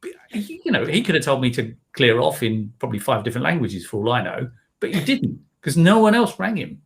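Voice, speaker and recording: A man co-hosting a live chat, telling anecdotes in an animated way. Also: medium pitch, a little fast, vocal fry. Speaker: co-host.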